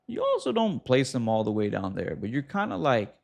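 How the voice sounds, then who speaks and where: Gravelly man giving casual advice. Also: mid-range voice. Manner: animated, talks straight to viewer with quick asides. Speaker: host.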